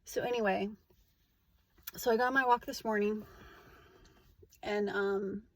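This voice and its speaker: A woman's voice: medium pitch, fairly even intonation, slow, no room sound. Candid rambling woman, dry sound. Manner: rambling and candid, heavy use of "like". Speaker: vlogger. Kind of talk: casual confessional monologue.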